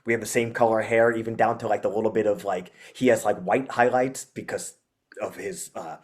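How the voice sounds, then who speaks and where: A man, a guest musician, chatting casually in an interview, rambling with lots of fillers and animated retellings. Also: lowish voice, brisk.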